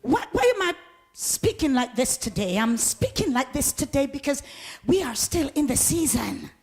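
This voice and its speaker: A woman preaching a sermon with fervor, laughing often and swinging from talk into shouts as she calls on the congregation. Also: high-pitched, big pitch swings, normal speed, creaky.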